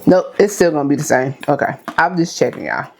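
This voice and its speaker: A woman's voice: deep voice, big pitch swings, brisk, vocal fry, a little mellow, a little hiss or hum. A woman, chatting casually through a cooking demonstration and often calling her viewers y'all. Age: 30s. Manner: chatty, addresses viewers as y'all, frequent okay. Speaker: cooking vlogger.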